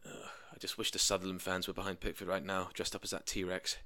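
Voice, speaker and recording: A young man hosting a football podcast, chatty and excitable, laughing often. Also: low voice, fast, no echo. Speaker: podcast host. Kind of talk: casual live match chat.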